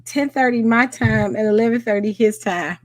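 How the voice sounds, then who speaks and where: A woman with a Southern US accent hosting a casual livestream, excitable and chatty though tired after a workday. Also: fairly high pitch, moderate pace, dry recording. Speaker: livestream host. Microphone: home microphone.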